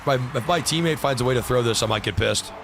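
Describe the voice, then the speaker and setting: A man's voice: medium pitch, quick pace, vocal fry, noisy background. A man livestreaming a game, talking to chat in frustrated rants and swearing freely. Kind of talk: gaming livestream commentary.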